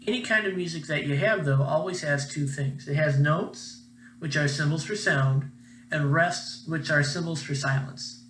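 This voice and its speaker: A man's voice: a little high, normal speed, a bit bright, roomy sound, a little hiss or hum, low-quality recording. A young man, a music teacher, giving a patient, encouraging recorded class lesson.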